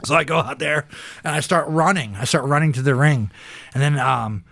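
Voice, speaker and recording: A man's voice: a little high, normal speed, gravelly, fairly bright tone, no echo. A man in his forties from Pennsylvania, a retired kickboxer, telling rambling, profane stories in a casual podcast interview. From Pennsylvania, USA.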